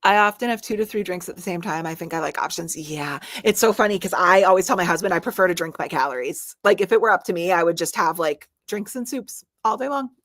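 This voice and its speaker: A woman in her thirties hosting a casual live stream, chatty and animated with frequent laughs. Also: fairly low pitch, fast, few pauses, no room sound, clean studio sound. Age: 30s. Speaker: livestream host.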